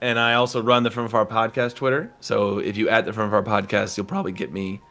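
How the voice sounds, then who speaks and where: A man's voice: fairly low pitch, level tone, fast, fairly bright tone. A man chatting casually as a guest on a stream, laughing often and playful.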